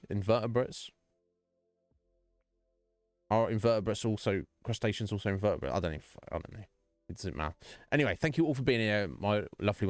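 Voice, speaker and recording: A rambling man chatting at the end of a stream, his voice sitting low and close on a dry microphone. Faint music plays behind him while he jokes and laughs between thoughts. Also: clean tone, no echo. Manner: rambling, jokey, laughs often. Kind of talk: casual stream sign-off chat.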